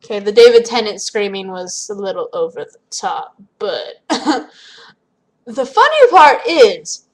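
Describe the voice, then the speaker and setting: A young woman vlogging, telling a funny story casually to camera, animated and given to loud bursts. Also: medium pitch, measured pace, low-quality recording. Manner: animated, bursts into loud shrieks when quoting.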